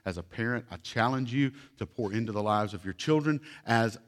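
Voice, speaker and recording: Young dad pastor preaching, earnest, begging the crowd, normal pitch. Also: male voice, brisk. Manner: earnest, urgent pleading to the congregation. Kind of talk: sermon.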